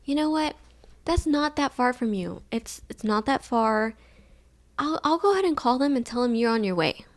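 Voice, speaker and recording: A woman's voice: a little high, lively intonation, moderate pace, voice pushed up. A woman doing an easygoing tow-yard guy. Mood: reassuring. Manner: easygoing and helpful, repeats himself. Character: friendly, chatty male tow-yard worker.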